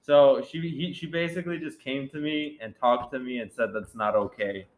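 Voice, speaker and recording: A man's voice: mid-range voice, normal speed, slight background noise. A young man telling a joking school story to friends, laughing along. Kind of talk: casual storytelling chat. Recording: echoey room.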